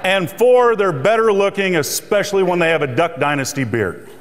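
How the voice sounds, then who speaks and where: A middle-aged male keynote speaker tells jokes and anecdotes on stage. His voice is a little high and very lively, rising and falling as he works the crowd. The conference hall adds a long, ringing echo. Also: moderate pace, a little hiss or hum. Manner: storytelling, joking. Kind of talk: humorous motivational speech. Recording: reverberant hall.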